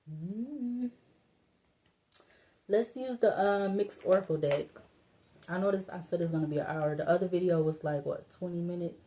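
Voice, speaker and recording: Rambling, low-voiced woman reading tarot. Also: warm tone, a little hiss or hum. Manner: rambling, thinking aloud, laughing to herself; blunt and informal, cursing casually. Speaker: tarot reader. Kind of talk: casual solo tarot reading.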